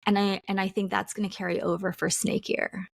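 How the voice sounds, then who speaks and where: A woman's voice: mid-range voice, level tone, fairly quick, creaky, no room sound. A woman co-hosting a podcast in a casual chat, talking loosely with many fillers and frequent laughs. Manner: chatty, laughs often, lots of "like" fillers. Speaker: podcast co-host.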